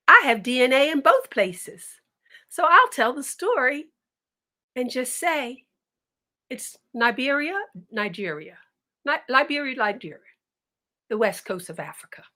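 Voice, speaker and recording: A woman storyteller telling folktales in a dramatic, expressive way, talking directly to her listeners. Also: fairly high pitch.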